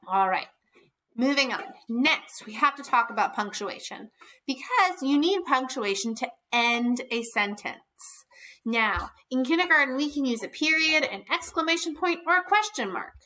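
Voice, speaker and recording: Bright-voiced kindergarten teacher, slow and clear. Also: female voice, sits high, animated. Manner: slow, clear and encouraging, stretching words for small children. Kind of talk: recorded lesson for young children.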